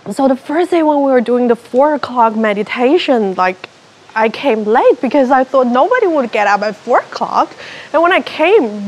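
A woman from China, giving an animated personal testimony and acting out her own past thoughts as she tells her story. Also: high-pitched, husky. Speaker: retreat participant.

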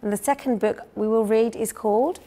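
A young woman reading a picture book aloud to children, gentle, patient and clear. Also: fairly high pitch, brisk. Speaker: children's storyteller.

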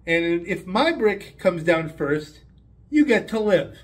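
A blustery bricklayer bully taunts a coworker with a cruel bet, his high voice swooping up and down. A man acts him out while telling a joke. The menace stays playful and exaggerated. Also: big pitch swings, slow, heavily acted. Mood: taunting. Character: menacing drunk male bully, brick-layer.

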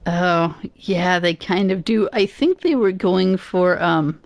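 A woman's voice: fairly low pitch, takes it slowly, dry recording, clean studio sound. A woman on a casual podcast chat who talks thoughtfully and hesitantly, with many fillers. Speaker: podcast guest co-host.

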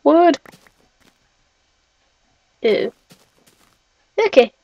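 Young woman narrating her minecraft game, kinda high voice, talks to herself, gets shrieky when spooked. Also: animated, drawn-out words, no room sound, highs cut off. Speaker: gaming video creator. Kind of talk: Minecraft let's-play commentary.

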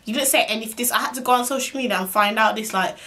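A young woman telling a storytime vlog in an exasperated, slangy, fast way. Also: a little high, pushed and bright. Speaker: vlogger.

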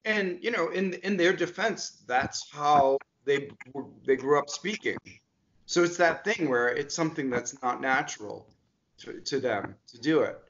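A man with a slightly higher-than-usual voice talks casually, laying out examples and checking in with "right?", and laughs easily. The recording is dull and lo-fi. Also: expressive, a little slow, a bit bright, slight background noise. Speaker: co-host. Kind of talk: casual conversation. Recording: dull lo-fi sound.

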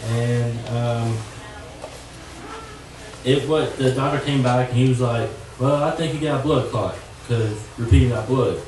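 Young male churchgoer, earnest testimony, halting with fillers, distant and echoey. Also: mid-range voice, steady tone, darkish tone, slight background noise. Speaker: church member giving testimony. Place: church sanctuary.

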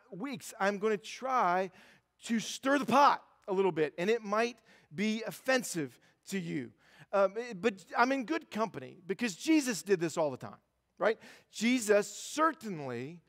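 A man's voice: high-pitched, long reverb tail. A man preaching a sermon as pastor, conversational and self-deprecating, with lots of fillers and restarts. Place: church sanctuary.

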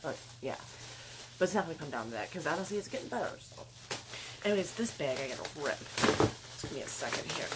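Chatty rambling woman vlogger, slightly low voice. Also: animated, fast talker, long pauses, heavy background noise. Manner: rambling, chatty, swears freely. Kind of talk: casual haul vlog chat. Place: home, indoors.

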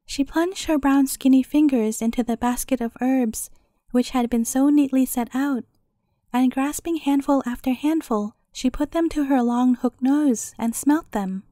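A woman narrating a fairy tale as a bedtime story, reading in a calm, measured way. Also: high voice, dry recording, clean studio sound.

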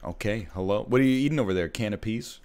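A man in his thirties, co-hosting a casual stream chat over a voice call, excitable and quick to laugh. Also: fairly low pitch, smooth. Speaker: streamer co-host.

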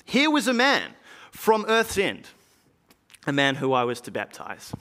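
A man's voice: on the high side, huge pitch swings, fairly bright tone, heavily acted. A man playing an earnest early evangelist. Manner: earnest storytelling with slow, weighty pauses. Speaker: church drama performer. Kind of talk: dramatic first-person monologue. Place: church.

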